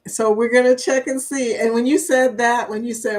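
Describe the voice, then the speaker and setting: A woman's voice: on the high side, fairly even intonation, moderate pace, few pauses. A woman, hosting a casual live stream. She chats eagerly, greets viewers by name and breaks into whoops and laughs. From Kentucky, USA. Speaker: livestream host.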